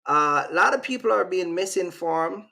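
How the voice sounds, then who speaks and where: A man's voice: high voice, lively intonation, moderate pace, gravelly, bright, forceful tone. A man from Jamaica with a Jamaican accent, hosting a casual livestream in a rambling, slangy way and reacting to his live chat. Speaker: channel host.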